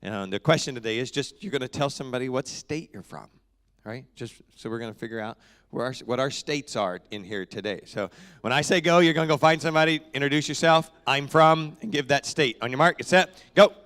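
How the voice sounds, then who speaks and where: A man from Kentucky, a pastor, greeting his congregation in a relaxed, joking, chatty way from the front of a church. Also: mid-range voice, fairly quick, few pauses, clear, resonant tone. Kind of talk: casual church service welcome. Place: church sanctuary.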